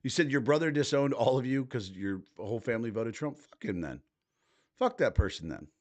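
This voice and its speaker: A man's voice: medium pitch, expressive, fairly quick, a little mellow. A man in his thirties hosting a livestream, reading posts aloud and reacting with casual, profane commentary. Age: 30s. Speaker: livestream host.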